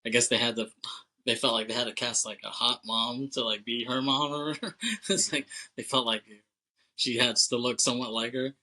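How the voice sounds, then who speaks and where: A man co-hosting a podcast, recapping a film plot in a loose, chatty way, full of "like", quick laughs and casual swearing. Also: medium pitch, steady tone, bright, forceful tone, poor audio. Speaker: podcast co-host.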